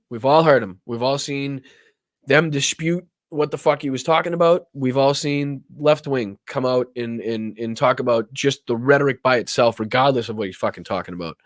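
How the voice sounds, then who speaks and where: A heated male host delivers politics with constant swearing and stumbles into repeated words as emotion rises. His voice sits at a middle pitch, recorded close and dry with no room sound. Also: no echo. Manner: heated, profane, repeats words when worked up. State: emotional, near tears. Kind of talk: impassioned political commentary.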